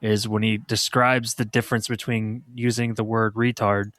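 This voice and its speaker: A man's voice: fairly low pitch, flat delivery, moderate pace, a bit bright, no room sound. A man co-hosting a podcast, chatting in a laid-back, rambling way. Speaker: podcast co-host. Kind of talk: casual chat.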